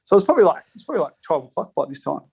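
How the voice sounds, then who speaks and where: A man's voice: fairly high pitch, big pitch swings, rapid-fire, creaky, darkish tone, husky. A man in a podcast interview, telling rambling stories with heavy swearing and laughs between lines. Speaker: podcast guest, spirits company co-founder. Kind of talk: casual storytelling.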